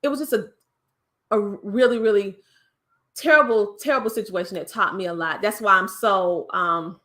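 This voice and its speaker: A woman with a Southern US accent and a country twang, telling her story as a guest in a casual interview, lively and acting out other voices. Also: mid-range voice, moderate pace. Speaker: podcast guest.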